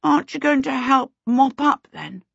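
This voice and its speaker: A woman's voice: mid-range voice, animated, unhurried, slightly rough, no room sound, highs cut off. A woman voicing a flustered, clumsy young boy wizard who wails when things go wrong, in a storybook reading. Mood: earnest. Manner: wailing, flustered.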